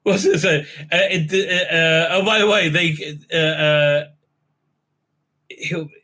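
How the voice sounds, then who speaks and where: A man hosts a show and reviews a TV episode, rambling casually with many fillers, mocking asides, and silly-voiced quotes delivered haltingly. His fairly high voice stays fairly even in intonation and sounds bright and forceful.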